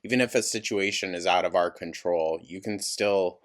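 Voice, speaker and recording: A man's voice: low-pitched, moderate pace. A man giving sarcastic reaction commentary over a clip, blunt and mocking, with laughing asides.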